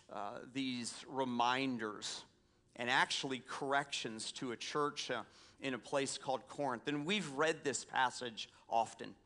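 A man's voice: mid-range voice, a bit bright. A man from the American South, a pastor preaching a sermon with prayer and scripture reading, folksy and conversational with asides to the congregation.

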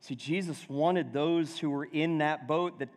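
A man's voice: a little high, unhurried. A male pastor preaching a sermon in a conversational way, asking the congregation questions. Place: church sanctuary. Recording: long reverb of a church hall.

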